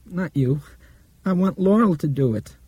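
A man's voice: sits high, lively intonation, a little slow, dark tone, husky, no echo, pitched above the performer's own voice, exaggerated voice, rough recording. A man voicing a frightened, stubborn little blind girl with a thin, wavery voice in an audiobook. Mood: scared, insistent.

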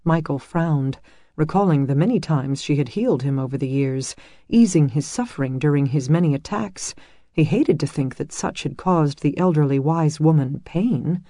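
An audiobook narrator reading a medieval romance in smooth, even storytelling. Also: mid-range voice, normal speed, no echo, clean studio sound.

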